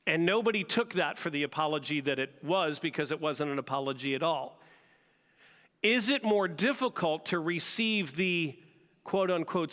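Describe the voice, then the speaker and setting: In a church sanctuary with a long reverb tail, a pastor delivers a conversational sermon and asks the congregation questions. He has a high, fairly bright voice.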